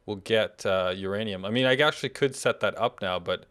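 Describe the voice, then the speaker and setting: A man's voice: lowish voice, a little fast, fairly bright tone, clear, resonant tone. A man hosting a multiplayer gameplay session, chatting casually and thinking aloud as he sorts out game systems. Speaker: gameplay host.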